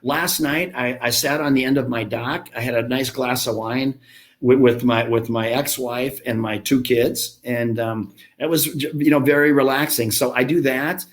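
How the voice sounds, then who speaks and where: A man in his fifties who founded a gym franchise is a guest on a casual podcast, telling blunt, chatty stories that poke fun at himself. His voice sits in the mid-range, with a steady tone and a normal speaking speed.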